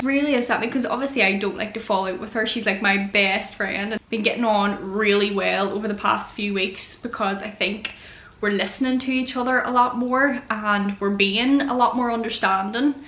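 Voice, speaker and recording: A woman's voice: mid-range voice, fairly bright tone. A woman in her twenties talking openly in a casual chat vlog, with lots of "like" as she goes. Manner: chatty and open, heavy use of "like". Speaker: vlogger. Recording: echoey room.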